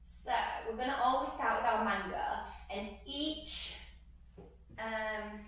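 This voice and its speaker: Woman, singing-class leader, high and bright, unhurried, echoey room heard from a distance. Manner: cheerful, chatty, laughs, sings and claps along. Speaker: music session leader. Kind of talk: online singing lesson. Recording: echoey room, from far off the mic.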